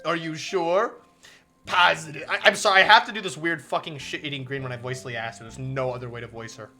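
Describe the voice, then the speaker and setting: A man's voice: medium pitch, fast, sharp tone, faint music behind. A male streamer reading a visual novel aloud, mixing narration with playful, profane jokey asides.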